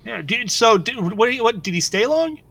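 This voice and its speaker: A man with a notably high voice questions a character during a tabletop game. He talks casually and rambles, restarting his questions mid-sentence. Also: animated, moderate pace, vocal fry, sharp tone. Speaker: player.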